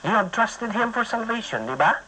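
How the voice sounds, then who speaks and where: A man's voice: high-pitched, animated, brisk, bright, forceful tone, a little hiss or hum, rough recording. A man with a Filipino accent teaching a Bible study as an emphatic sermon, mixing English and Visayan and asking his listeners questions.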